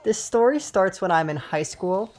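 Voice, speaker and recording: A man's voice: high-pitched, expressive, moderate pace. A man in his twenties telling a rambling, swear-filled story while playing a game, with frequent asides to viewers. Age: 20s. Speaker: gaming storyteller. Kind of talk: casual storytime over gameplay.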